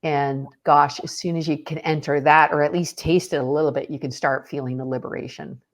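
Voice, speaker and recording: A middle-aged woman talking as a podcast guest, telling stories in an animated way and acting out the quotes. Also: low voice, fairly quick. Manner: animated storyteller who acts out quotes. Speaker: podcast guest, author and speaker. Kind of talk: casual faith conversation.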